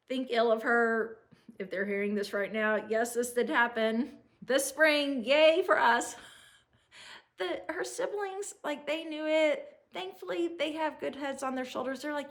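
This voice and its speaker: A woman in her forties telling stories to the camera in a chatty, animated way, laughing often and acting out what people said. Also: high-pitched, normal speed. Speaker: vlogger. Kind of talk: casual storytelling to camera.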